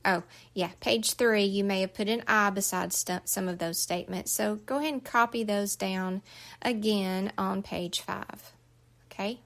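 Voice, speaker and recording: Gravelly-voiced woman coaching firmly. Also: mid-range voice, steady tone, measured pace. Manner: direct, firm and chatty, with frequent "okay?" checks. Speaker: journal author and life coach. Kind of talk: casual step-by-step instruction.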